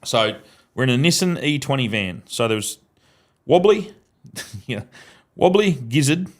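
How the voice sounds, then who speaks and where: A man in his thirties tells a rowdy story in a podcast studio, swearing freely and breaking into laughter mid-sentence. His voice sits at an ordinary middle pitch, and his casual yarn-spinning comes in bursts. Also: animated, measured pace. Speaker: podcast guest.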